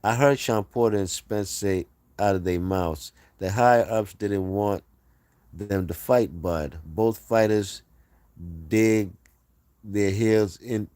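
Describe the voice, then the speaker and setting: A man's voice: fairly low pitch, slow pace, a little mellow, no echo. A man hosting a casual boxing livestream, reading chat aloud and talking trash.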